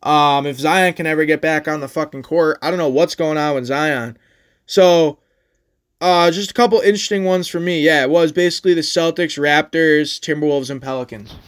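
A man's voice: a little high, normal speed, smooth. A man co-hosting a sports podcast, chatting casually and with swearing, running through team standings. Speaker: podcast co-host.

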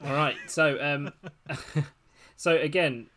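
A man's voice: fairly high pitch, fairly even intonation, takes it slowly, a bit bright. A man hosting a casual podcast game as referee, chatty and amused as he keeps things moving. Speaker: host and referee of a fantasy fight game.

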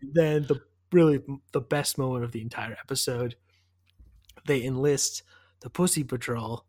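Podcast co-host, man, mid pitch, dry close recording, loose recap. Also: steady tone, normal speed, a little mellow, dry recording. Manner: recaps with many fillers. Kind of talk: casual chat.

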